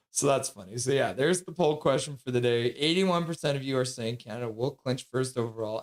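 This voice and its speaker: A man's voice: mid-range voice, expressive, normal speed. A man hosting a casual livestream, chatty and sassy, reading out donations and sleep-deprived. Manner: sassy, joking. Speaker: livestream host.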